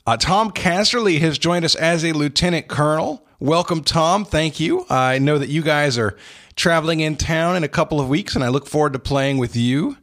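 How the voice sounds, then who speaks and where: A man hosting a podcast, warmly thanking supporters in a casual, earnest way with frequent restarts. He is recording in an unfinished spare room without soundproofing, with a slight room echo. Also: fairly high pitch, moderate pace. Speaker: podcast host. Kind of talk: casual thank-you segment.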